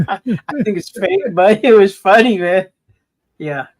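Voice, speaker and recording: A man in a casual panel chat, rambling through stories with quick asides. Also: high voice, sing-song, low-quality recording. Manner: rambling storyteller, retelling funny videos with quick asides. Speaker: panel guest.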